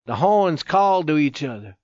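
A man narrating a story in a steady, measured reading. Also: a little high, dry recording, dull audio. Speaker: audiobook narrator. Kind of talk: scripted narration.

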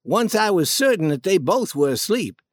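High, lively male storyteller. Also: moderate pace, no echo. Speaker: audiobook reader. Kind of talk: first-person story narration.

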